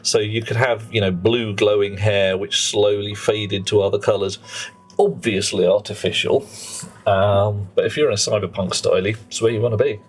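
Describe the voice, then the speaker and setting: A man's voice: on the low side, steady tone, moderate pace, breathy edge. A middle-aged man chatting and rambling in casual commentary while he plays a game on a live stream. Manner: rambling, chatty, muttering to himself while playing.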